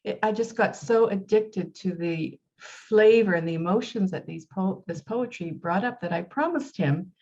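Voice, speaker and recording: A woman's voice: mid-range voice, normal speed, few pauses, a little mellow. A woman hosting an online poetry night, thanking guests in a chatty, grateful way. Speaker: event organizer and host. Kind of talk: thank-you remarks at an online event. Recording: dull lo-fi audio.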